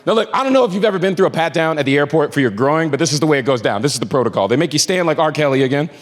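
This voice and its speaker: A man's voice: on the high side, animated, rapid-fire. A man doing a stand-up comedy set in a club, telling a story with acted-out quotes and growing exasperation. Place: comedy club stage before a live audience. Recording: roomy hall with a laughing crowd. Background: crowd laughter.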